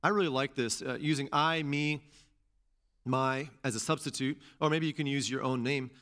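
A man preaching a sermon as pastor and teacher, repeating key phrases and rising to loud stresses. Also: medium pitch, steady tone, normal speed.

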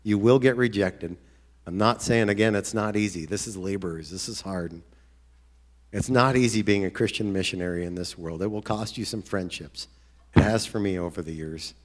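A man preaching a sermon in an earnest, conversational way, now and then breaking into excited outbursts. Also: on the low side, moderate pace.

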